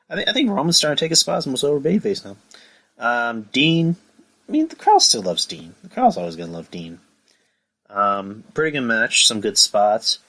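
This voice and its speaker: A man hosting a casual review podcast, rambling, swearing often and getting animated. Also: fairly low pitch, poor audio. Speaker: podcast host.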